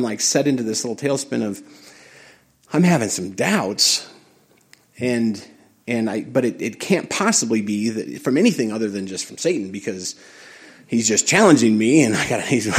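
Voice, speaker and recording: A middle-aged man tells a personal story in a casual, animated way. His voice sits at a middle pitch with a husky edge. He speeds up and acts out his own reactions as he goes. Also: moderate pace. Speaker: guest telling a personal story.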